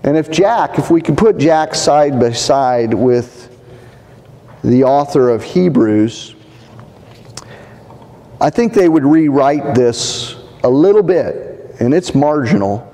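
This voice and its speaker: A man preaching a sermon as pastor, in a measured delivery that builds to an impassioned, rousing pitch. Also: lively intonation, warm tone, in a large hall.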